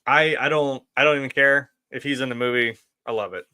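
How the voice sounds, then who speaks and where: An excitable man with a bright, sharp voice chats as co-host, laughing often and swearing freely. He speaks at a middle pitch with loose, enthusiastic energy. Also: a little fast, clear, resonant tone. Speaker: podcast co-host. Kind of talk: casual chat.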